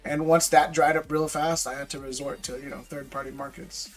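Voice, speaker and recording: On a live stream, a man sells packs of trading cards, casually chatting with viewers and calling them "bro." His voice is fairly high and flat, his pace brisk and his manner laid-back. Soft music plays in the background.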